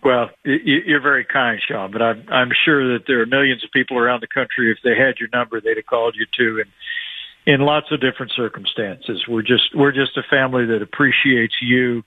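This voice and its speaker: A man in his sixties from Indiana, a guest on a radio interview, speaking in a measured, earnest way with many pauses. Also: medium pitch, no echo. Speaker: guest, former politician. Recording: tinny phone line.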